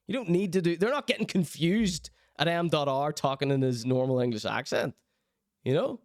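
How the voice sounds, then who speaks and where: A young Northern Irish man hosting a stream, with a fairly high, smooth and crisp voice. He reads chat aloud and reacts in a sardonic, mock-outraged tone. The sound is close and dry, with no room echo. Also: a little fast. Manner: wry, sardonic, mock-indignant. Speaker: streamer and show host. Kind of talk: live-stream commentary, reading out chat.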